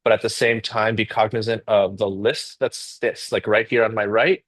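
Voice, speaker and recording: Animated storytelling man, dry sound. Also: lowish voice, normal speed, no room sound. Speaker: guest. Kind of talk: casual conversation.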